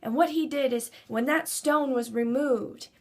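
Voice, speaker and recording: A woman's voice: high voice, unhurried, darkish tone. A woman giving an earnest devotional talk to camera, building to emphatic preaching. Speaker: Christian speaker.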